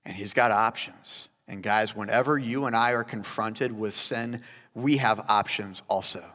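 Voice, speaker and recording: Animated pastor preaching in a hall. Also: male voice, on the low side, measured pace. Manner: animated, addresses listeners as "guys". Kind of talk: sermon. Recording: long hall reverb.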